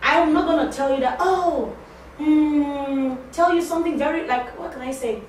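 A woman's voice: sits high, normal speed. Woman teaching in an echoey room. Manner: conversational, repeats points for emphasis, questions the class. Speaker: ESL teacher training teaching assistants. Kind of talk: interactive classroom talk. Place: classroom or training room. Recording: very echoey room, distant mic, faint noise.

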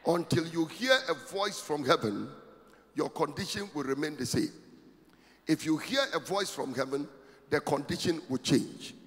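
A pastor preaching a sermon, emphatic and rising to shouts with a sing-song cadence. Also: male voice, on the high side, lively intonation, a little slow. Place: church. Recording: long hall reverb, faint music.

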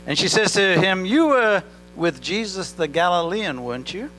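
A man's voice: high-pitched, big pitch swings, normal speed, pushed and bright, rough recording. Man preaching a conversational sermon, accented. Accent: non-native English accent. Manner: conversational preaching with questions to the congregation. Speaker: pastor. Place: church. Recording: faint mains hum. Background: mains hum.

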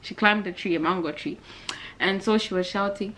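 A young woman from Zambia telling a childhood story to viewers in a casual, animated way. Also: mid-range voice, normal speed, very noisy. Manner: animated, chatty, addresses viewers directly. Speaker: vlogger.

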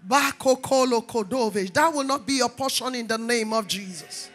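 High, bright-voiced woman preaching. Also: moderate pace, faint music behind. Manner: call-and-response preaching, rising to shouts. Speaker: pastor. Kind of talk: sermon.

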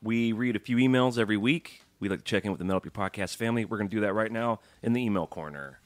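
Fast-talking podcast co-host, man. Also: lowish voice, over music. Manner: brisk, joking, swears casually. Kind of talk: casual chat.

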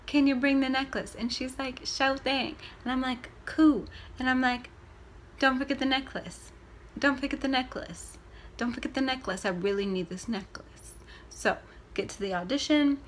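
A young woman tells a story to her camera with lively, animated delivery. Her voice sits a little on the high side. She jumps between hushed asides and loud bursts as she acts out her reactions, with a faint hiss in the background. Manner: animated, acts out her own reactions with big swings in loudness. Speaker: vlogger.

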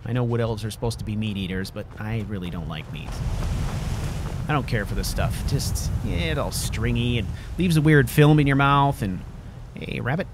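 A man's voice: on the low side, animated, normal speed, background noise. A man role-playing a character in a video game, chatting in a jokey way and talking to his companion dog. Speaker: role-play gamer.

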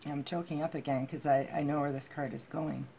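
A woman giving a heartfelt tarot reading to her viewers, reading card texts aloud and musing softly with many fillers. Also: deep voice, fairly even intonation, brisk, creaky, slight background noise. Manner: soft-spoken, heartfelt, with frequent fillers. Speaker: tarot reader.

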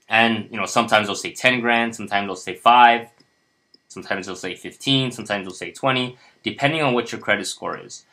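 Man, lowish pitch, bright forceful tone, casual finance tutorial, chatty, lots of fillers. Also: a little fast. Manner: chatty, many fillers and restarts. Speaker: personal finance instructor. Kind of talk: casual screen-share tutorial.

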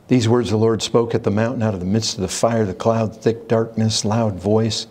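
A man's voice: fairly even intonation, moderate pace, few pauses. Impassioned preacher, man. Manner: impassioned preaching, pitch swinging between raised intensity and low hushed warnings. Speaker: pastor. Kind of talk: sermon.

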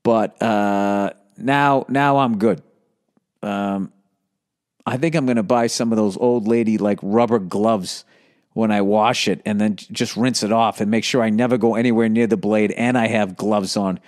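A man's voice: lowish voice, fairly even intonation, a little slow, darkish tone. Male comic host, solo monologue, swears freely, rambles, restarts often. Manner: profane, rambling, lots of fillers and restarts. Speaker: comedian podcast host.

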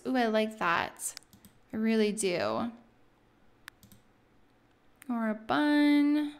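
A woman hosting a let's play, chatting excitedly through casual gameplay commentary with lots of "like". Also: on the high side, very slow, pauses often.

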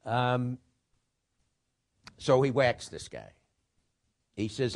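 A man's voice: mid-range voice, lively intonation, extremely slow, pauses often. A man giving an informal lecture on writing, rambling and digressive, with profane asides.

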